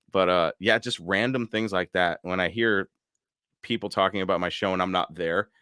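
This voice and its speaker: A man's voice: deep voice, normal speed, sharp tone, clear, resonant tone, dry recording, clean studio sound. A man hosting a live podcast, chatting casually and laughing often as he reads out viewer comments. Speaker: podcast host. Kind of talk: casual live-stream chat.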